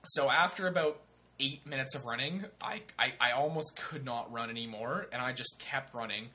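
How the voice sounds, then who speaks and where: A young man telling a story on a comedy talk show in a casual, animated, profane way. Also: medium pitch, moderate pace. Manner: animated, profane, acts out other people's voices.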